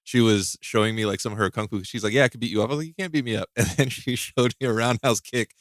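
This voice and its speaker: A man's voice: fairly low pitch, dry recording. Podcast host guy, keeps restarting and tripping over words, jokey, dry close sound. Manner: halting, many restarts and stammered repeats; jokey, laughs at his own stories. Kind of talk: casual chat.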